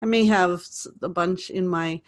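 A woman's voice: lowish voice, fairly even intonation, normal speed. Easygoing woman podcast co-host. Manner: easygoing, laughs often. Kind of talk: casual chat.

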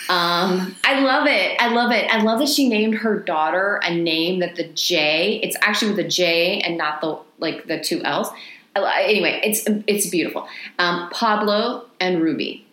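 A woman's voice: lowish voice, normal speed, fairly bright tone, reverberant. A woman with a Texan accent, co-hosting a podcast and telling a story in casual chat, swearing freely and laughing often. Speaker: podcast co-host.

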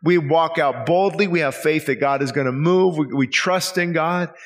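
Male pastor, slightly high voice, earnest and pleading sermon delivery, lots of rhetorical questions. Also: moderate pace, faint music behind. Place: church service.

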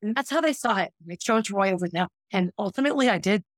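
A middle-aged woman hosts a podcast, recorded with clean studio sound and no echo. Speaking fast and expressively in a mid-range voice, she shares a personal story candidly, reflecting on it and criticizing herself.

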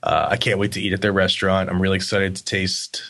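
A man in a casual interview, telling stories in a rambling, animated way with lots of fillers. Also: low voice, fast, gravelly. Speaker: agency guest.

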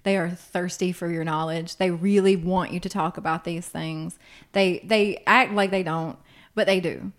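A woman's voice: on the low side, steady tone, normal speed. A woman who counsels teens, talking frankly and with animation in casual podcast chat, with laughing asides.

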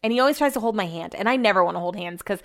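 A woman's voice: medium pitch, lively intonation, very fast. A young adult woman talking casually in a rambling, upbeat vlog, with a lot of "like" in her speech. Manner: rambling, upbeat, chatty with lots of "like". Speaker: vlogger.

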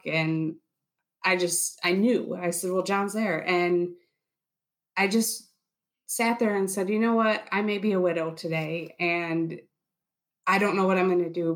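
A woman in her thirties giving an earnest personal testimony in an interview, reliving events and quoting her own thoughts. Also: on the low side. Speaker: interviewee, bereaved military spouse.

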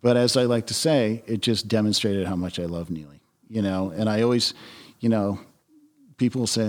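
A man as a podcast guest, talking reflectively with frequent restarts and soft trailing phrases. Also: fairly low pitch, normal speed. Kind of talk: conversational interview.

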